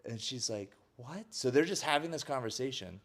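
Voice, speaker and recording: A man's voice: medium pitch, brisk. A man co-hosting a podcast, casually retelling a film plot and acting out the characters' lines. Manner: animated storyteller acting out quoted lines, frequent "like". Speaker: podcast co-host.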